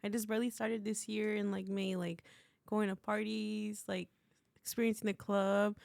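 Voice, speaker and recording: A woman guest in a casual interview, talking in a relaxed, chatty way with frequent laughs. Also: mid-range voice, moderate pace, creaky, dry recording. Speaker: artist guest.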